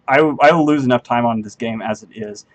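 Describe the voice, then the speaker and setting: A game engineer live-streams himself coding at his desk, talking in a plain, medium-pitched voice at a brisk clip over dull audio. He thinks aloud and rambles, trailing off mid-sentence with lots of ums, answering viewers in a friendly, self-deprecating way.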